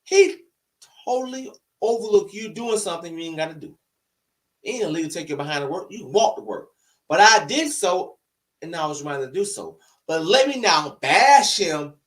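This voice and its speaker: High-pitched man ranting to camera. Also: big pitch swings, normal speed, fairly bright tone, recorded from a distance. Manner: argumentative, repeats rhetorical questions. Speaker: online commentator. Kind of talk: heated opinion rant to camera. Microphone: camera-facing recording.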